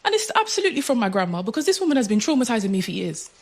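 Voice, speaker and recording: A woman of Jamaican heritage performing a stand-up comedy set, animated and laughing through her lines. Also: fairly high pitch, very fast. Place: comedy club stage. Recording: live club recording with clear noise.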